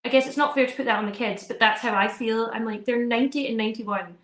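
A woman in her thirties chatting casually as a podcast co-host, telling animated stories and acting out her kids' voices. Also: on the high side, fast, reverberant. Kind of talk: casual chat.

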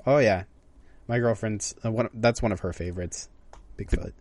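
In a casual podcast chat, this young male co-host tells meandering stories and keeps interrupting himself to start over. He speaks at a normal pace with a fairly low, darkish voice, recorded without any room sound.

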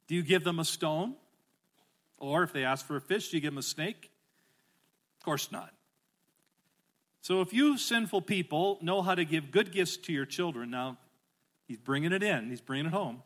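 A middle-aged man preaching a sermon as pastor, animated and rising to emphatic calls, asking the congregation to repeat phrases back. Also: on the high side.

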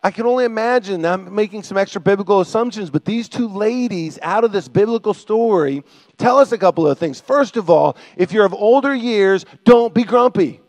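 An older male pastor preaching in an animated way. His voice sits fairly high, and he swings from hushed lines to loud bursts. The sound is dry and close. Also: a little fast, no room sound. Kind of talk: sermon.

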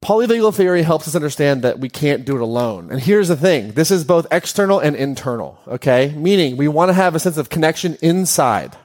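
A man hosting a podcast, speaking in an animated way to a live audience and putting questions to them. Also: on the high side, brisk, hardly any pauses. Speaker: podcast host.

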